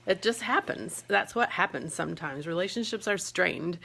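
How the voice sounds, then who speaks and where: A woman vlogs from a hotel room, her phone held close as she chats and tells a story. Her voice is bright and a little tense, with a gravelly edge at the ends of her phrases. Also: on the low side, normal speed. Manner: chatty, animated when telling the story. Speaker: vlogger. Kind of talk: casual storytelling to camera.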